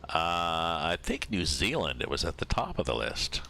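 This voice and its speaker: A man's voice: deep voice, very animated, moderate pace, creaky, sharp tone, slight background noise. A man streaming a truck driving game, chatting casually and musing aloud as he reads out viewer names from a desk mic. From Canada. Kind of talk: casual live-stream chat while driving a truck sim.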